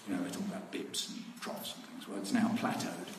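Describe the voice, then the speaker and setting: A man telling chatty anecdotes to an audience, with laughing asides and acted-out quotes. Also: a little fast. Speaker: speaker at a talk. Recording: echoey hall with background noise.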